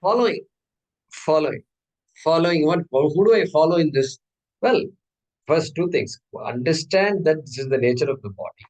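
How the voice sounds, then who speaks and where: A man's voice: fairly high pitch, expressive, normal speed, darkish tone, poor audio. Man teaching a scripture class. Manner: conversational teaching, asks the class questions. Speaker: Vedanta teacher.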